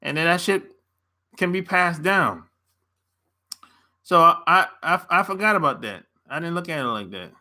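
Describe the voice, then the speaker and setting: Man, American, blunt casual rant, laughs a lot, bright sharp tone. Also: a little high, moderate pace, long pauses. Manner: blunt, animated, laughs often. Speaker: relationship coach vlogger. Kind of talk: casual opinion rant to camera.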